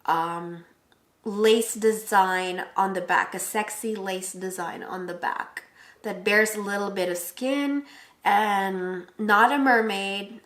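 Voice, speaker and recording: A young woman casually telling her story of shopping for a wedding dress, animated, acting out quotes in a higher voice. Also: slow, roomy sound.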